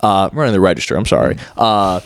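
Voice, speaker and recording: A man's voice: low-pitched, big pitch swings, fast talker, dry recording, clean studio sound. A young adult man co-hosting a podcast, telling a long story in a casual, crude, joking way. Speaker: podcast co-host.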